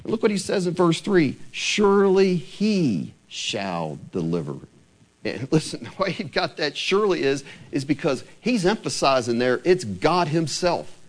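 Animated male preacher, lively pitch. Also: normal speed, few pauses. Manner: animated preaching with rhetorical questions. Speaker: pastor. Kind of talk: sermon. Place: church sanctuary.

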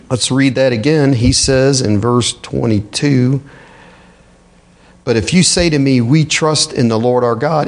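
A male pastor preaching a sermon in a conversational way, often asking the congregation rhetorical questions. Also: mid-range voice.

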